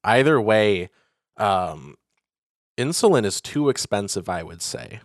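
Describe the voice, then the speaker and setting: A man co-hosting a podcast in casual chat over a video call. He talks in a measured way and makes dry jokes. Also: on the low side, lively intonation, no echo. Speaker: podcast co-host.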